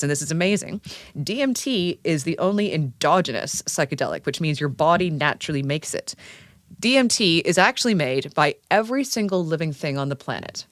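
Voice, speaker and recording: A woman from Canada, a science writer guesting on a podcast, talking in an animated, enthusiastic storytelling way. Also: sits low, no room sound, clean studio sound. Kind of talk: casual podcast conversation.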